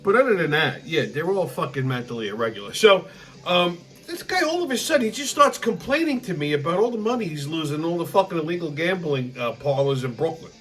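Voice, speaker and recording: A man's voice: a little high, sing-song, a little fast, fairly bright tone. A man, rambling profanely through a casual weekly vlog monologue with frequent restarts. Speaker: channel host.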